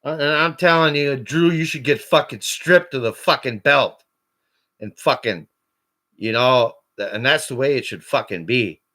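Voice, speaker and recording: A man on a call-in show, ranting angrily and swearing constantly, his voice climbing toward shouts. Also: medium pitch, moderate pace. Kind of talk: angry profane rant.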